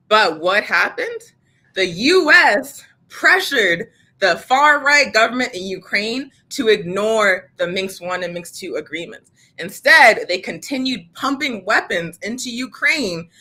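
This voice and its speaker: Slightly high, sharp and a bit rough, this woman co-hosts a political news show. Her impassioned commentary is casual and fiery, laced with sarcasm and full of fillers, especially "like."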